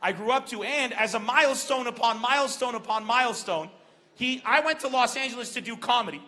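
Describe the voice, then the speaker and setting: Stand-up comic, male, from Lebanon: high, bright, animated delivery on an outdoor stage. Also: brisk. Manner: animated, acts out quoted voices. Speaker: stand-up comedian. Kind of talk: stand-up comedy set. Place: large outdoor festival stage. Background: crowd laughter.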